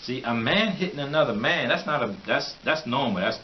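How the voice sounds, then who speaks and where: A man's voice: medium pitch, expressive, a little fast. A man giving a rambling, opinionated vlog monologue, mocking and laughing often as he talks. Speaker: vlogger. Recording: dull lo-fi recording with faint hiss.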